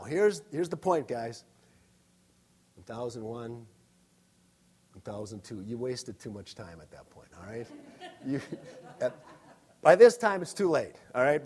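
A man's voice: on the high side, a little mellow. A middle-aged male pastor giving a sermon, conversational and humorous, often adding "all right?" to his points.

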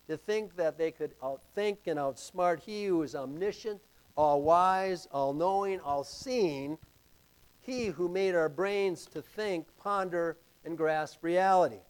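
Slow, emphatic male preacher. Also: sits high, clean tone. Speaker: pastor. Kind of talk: sermon.

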